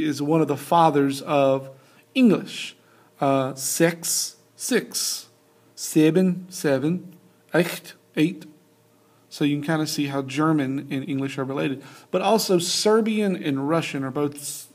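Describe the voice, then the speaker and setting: A man's voice: a little high, darkish tone. A young adult man giving a casual recorded geography lecture over slides, talking loosely with many fillers and restarts. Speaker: teacher.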